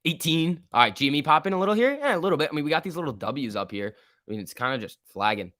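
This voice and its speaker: A young man hosting a casual stock-market livestream, talking excitedly, laughing often and reading chat messages aloud. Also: a little high, quick pace, no room sound, clean studio sound. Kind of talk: casual live-stream chat.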